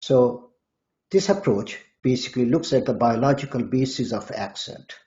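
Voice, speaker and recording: Dark-voiced man lecturing on language. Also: medium pitch. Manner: measured lecturing with restarts. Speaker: guest expert. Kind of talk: academic explanation. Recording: dull lo-fi audio.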